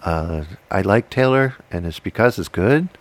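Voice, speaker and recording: A man's voice: low-pitched, lively intonation. A man imitating a hesitant, indecisive male friend who keeps stalling and repeating himself. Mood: dithering. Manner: halting, unsure, repeats himself.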